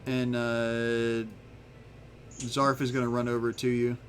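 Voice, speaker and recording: A man's voice: mid-range voice, monotone, takes it slowly, a little hiss or hum. A man narrating as game master of a tabletop game, restarting his sentences often as he talks. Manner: rambling, repeats words when starting a thought.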